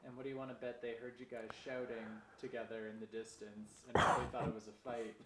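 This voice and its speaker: A man's voice: mid-range voice, little pitch movement, brisk, a bit bright. A man in casual chat, throwing in dry, speculative remarks.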